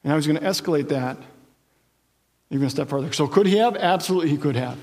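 A man preaching a sermon as pastor, telling the story with lively asides and jokes. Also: fairly high pitch, fast, long reverb tail.

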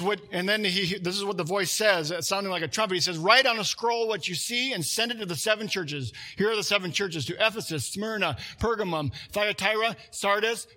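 Bright high-voiced man preaching. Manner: conversational, asides to the congregation, frequent restarts. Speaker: pastor. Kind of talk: sermon.

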